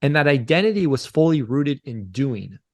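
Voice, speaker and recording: Speaking at a moderate pace, a man in his forties swings his mid-range pitch widely as he shares a personal story on a podcast. His candid, confessional telling is earnest and full of repeated phrases.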